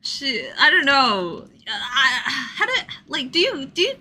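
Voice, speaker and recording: Young woman chatting while she draws, giggly and rambly, slow easy pace, super bright voice. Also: high-pitched, sing-song. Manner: giggly, rambling, lots of "like" fillers. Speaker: streamer drawing live. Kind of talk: casual chat while drawing.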